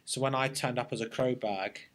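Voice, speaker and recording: Army veteran, reflective storyteller. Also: male voice, medium pitch, fairly even intonation, a bit bright. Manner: reflective, army slang, halting restarts. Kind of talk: casual interview storytelling.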